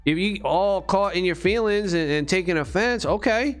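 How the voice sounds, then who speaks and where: A man's voice: sits high, normal speed, soft background music. Profane rambling male vlogger. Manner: rambling, profane, rhetorical questions. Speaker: crypto vlogger. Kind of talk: casual profane monologue.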